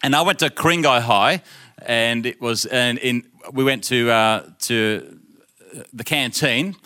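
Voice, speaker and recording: A middle-aged man delivers a storytelling sermon to his congregation in a loose, chatty style. His medium-pitched voice is bright, forward, and smooth, and he drops into quick impressions of the people in his story, often laughing along.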